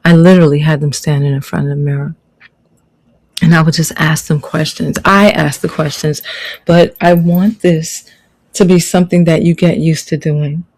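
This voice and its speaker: A woman's voice: low voice, steady tone, moderate pace, darkish tone, rough recording. A middle-aged woman life coach teaching a motivational online lesson, preaching and repeating her key phrases for emphasis.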